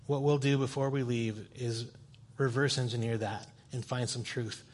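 At a normal speed and in an even, medium-pitched voice, a guest preacher shares a story-driven sermon with the congregation in a church sanctuary, joking at his own expense along the way.

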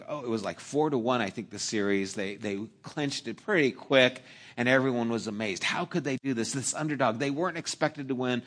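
A male pastor delivering a sermon, telling a childhood story in an animated, humorous way with asides to the congregation. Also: medium pitch.

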